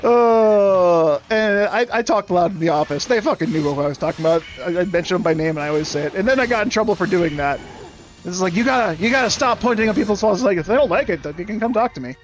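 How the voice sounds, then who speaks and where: A man's voice: high voice, fast talker, faint music behind. A young man streaming a game, ranting casually in a sarcastic, profane, rambling way. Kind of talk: casual rant while gaming.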